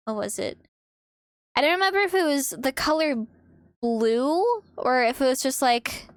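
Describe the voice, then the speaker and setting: Young woman streamer, high voice, casual and profane, dry close mic. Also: clear, resonant tone, no echo. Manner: animated, swearing, laughing. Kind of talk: casual chat while drawing. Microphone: desk microphone.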